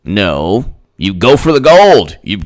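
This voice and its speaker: A man talks straight to his audience in a loose, rambling political rant, swinging his pitch widely from low grumbles to high mocking squeaks. He is sarcastic, says the same line over and over and laughs at his own jabs. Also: sing-song, slow. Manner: sarcastic, repeats himself, mocks others in put-on voices. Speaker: political commentary channel host.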